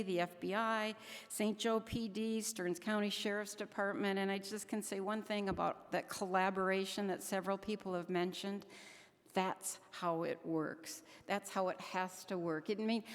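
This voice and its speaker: Earnest woman speaking in a hall. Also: mid-range voice. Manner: earnest, halting, with restarts. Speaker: keynote speaker. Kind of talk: conference speech. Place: large conference hall. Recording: echoey hall.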